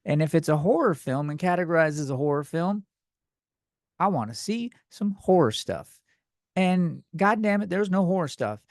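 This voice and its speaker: Profane, lively ranting man. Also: a little high, moderate pace, no room sound, studio quality. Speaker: podcast host. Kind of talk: comedic podcast rant.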